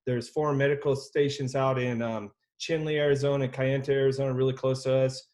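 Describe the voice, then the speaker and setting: A man's voice: medium pitch, flat delivery, brisk, darkish tone. Earnest man talking business and service. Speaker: business owner. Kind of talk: casual conversation.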